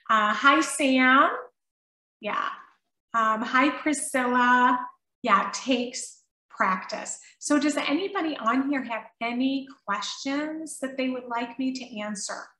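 Middle-aged woman host, bright and chatty, live Q&A, somewhat off-mic in a roomy space. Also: sits high, takes it slowly, distant mic. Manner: chatty, reads viewer comments aloud, frequent ums. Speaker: parenting coach and live-stream host. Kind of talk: casual live-stream Q&A. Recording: echoey room, voice somewhat off-mic.

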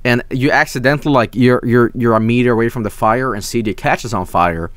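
A man's voice: medium pitch, fairly quick, no echo. A man streaming casually, reading out fan art and chat, rambling, swearing freely and breaking into silly voices.

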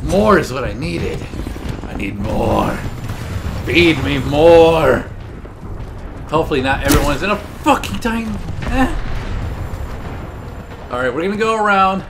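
A man commentating his own shooter gameplay in an excitable way, swearing often and laughing or shouting at big moments. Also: on the high side, moderate pace, creaky, pauses often, noisy background. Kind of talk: let's play commentary.

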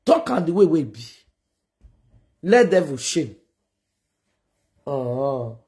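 A woman with a Nigerian Pidgin accent hosting a gossip reaction video, scolding and mocking with sudden shouts. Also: low-pitched, very animated, slow. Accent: Nigerian Pidgin English. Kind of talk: animated reaction commentary.

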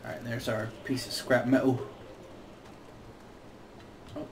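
A man's voice: medium pitch, slow, background noise. A man giving casual, swearing commentary while playing a video game. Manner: swears freely, muttering with sudden excited outbursts. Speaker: let's play gamer.

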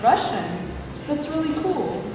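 A woman's voice: high-pitched, big pitch swings, unhurried, background noise. A teenage girl in a student film playing a friendly, curious schoolgirl. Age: teens. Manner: bright, friendly. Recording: hall reverb, far from mic.

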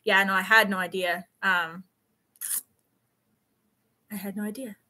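Bright-voiced chatty young woman. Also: medium pitch, steady tone, a little slow. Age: 20s. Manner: chatty, rambling storyteller with many fillers. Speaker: vlogger. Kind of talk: casual live stream chat.

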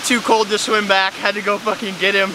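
A man's voice: high voice, level tone, brisk, noisy background. A young man chatting casually outdoors by a river, laid-back and profane, often laughing. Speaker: friend on the trip. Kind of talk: casual chat.

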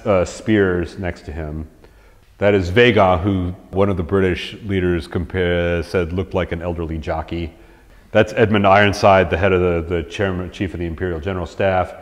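A man gives a conversational history lecture to a room, lower in pitch than most men. He tells it as a story, slips into lively voices for quotes and often restarts a phrase. The sound carries a long hall reverb. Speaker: resident historian giving a talk.

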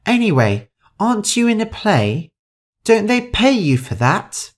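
A man voicing a shy, nervous young woman photographer with a high-pitched voice in a storybook reading. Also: sing-song, measured pace.

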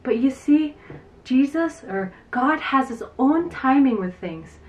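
Animated woman retelling a Bible story. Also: high-pitched, slow pace, distant mic. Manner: animated storyteller acting out quotes, with fillers. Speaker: children's Sunday school teacher.

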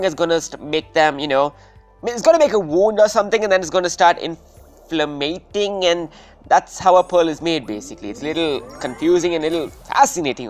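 A gaming video creator giving casual gameplay commentary in a rambling, playful way and hyping themselves up. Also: mid-range voice.

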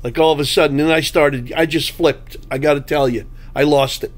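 A man's voice: fairly high pitch, steady tone, fairly quick. A man delivering a blunt, combative political monologue, full of anecdotes. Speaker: political commentary host.

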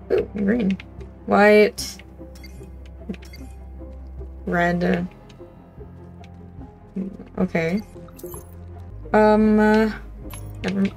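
Her voice sits in the mid range, steady and slow, with frequent pauses and gentle music behind her. In this let's-play commentary she chats away to herself as she plays, humming and reading the game's text out loud, and laughs whenever something makes her jump.

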